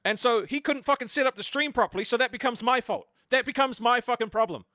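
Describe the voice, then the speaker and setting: A man talks fast and defends himself with plenty of swearing. His voice is high and bright, recorded close and dry with no room sound. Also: dry recording. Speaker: co-host of a stream. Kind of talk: heated argument on stream.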